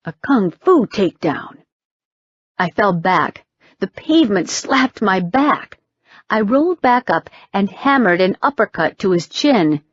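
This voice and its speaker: A woman reads a first-person novel aloud with wry, brisk storytelling. Her pace is slow and measured. The recording is dry and slightly dull. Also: medium pitch, very animated, breathy edge, dry recording. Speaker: audiobook narrator. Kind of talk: first-person fiction narration.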